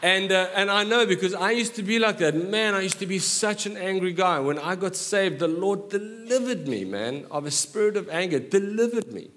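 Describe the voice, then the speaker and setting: A middle-aged male pastor preaching with a slightly higher voice than most men. He is animated and jokes with the congregation in quick asides, moving between earnest points and laughter. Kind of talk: sermon.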